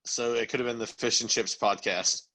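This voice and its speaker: A man's voice: medium pitch, steady tone, sharp tone, poor audio. A young man co-hosting a comedy podcast, trading playful jokes. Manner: drawn-out, playful banter. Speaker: podcast co-host. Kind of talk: casual comedy podcast chat.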